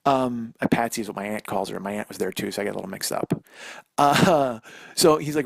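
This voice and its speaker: A man's voice: fairly low pitch, fairly quick, vocal fry, dry recording, clean studio sound. A man in his forties hosting a podcast, telling a personal story in a rambling, self-deprecating, profane way, recorded on a phone. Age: 40s. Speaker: podcast host. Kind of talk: solo storytelling monologue.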